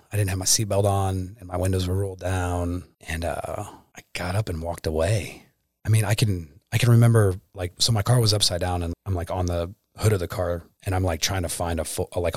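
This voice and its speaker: A young man telling his own story as a personal testimony, candid and halting, filling his speech with "like" and turning quiet and earnest. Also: low voice, dry recording, clean studio sound.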